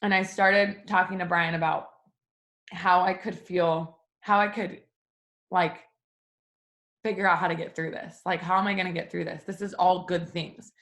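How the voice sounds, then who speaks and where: A chatty woman with a somewhat low voice, talking straight to her viewers in a casual vlog. She tells a personal story at a relaxed, conversational clip. She jumps up in pitch when she acts out what people said. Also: moderate pace. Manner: chatty, addresses viewers directly; acts out quoted exchanges in a higher voice. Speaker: small business owner vlogger.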